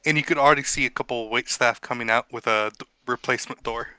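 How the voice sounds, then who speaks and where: A man's voice: mid-range voice, bright, forceful tone, clean tone, no room sound. A man narrating a tabletop game as game master, casual, with fillers. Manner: casual, quick bursts with fillers.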